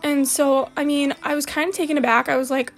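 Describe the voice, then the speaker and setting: A woman's voice: high voice, fairly even intonation, brisk. A young woman telling a personal story to her viewers in a rambling, candid way, full of fillers and restarts. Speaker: vlogger.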